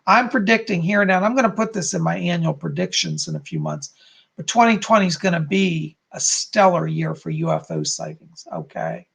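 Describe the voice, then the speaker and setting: A man's voice: high-pitched, sing-song, fairly quick, creaky, a bit bright. A man hosting a live-stream psychic reading, answering viewers in a chatty, reassuring way and often ending points with "okay?". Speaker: psychic host.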